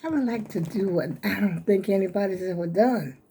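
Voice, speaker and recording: A woman's voice: medium pitch, fairly quick, mellow, slight background noise. An older woman, chatting casually and rambling folksy to her viewers at home while a little out of breath. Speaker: vlogger showing her crochet. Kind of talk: casual chat to camera.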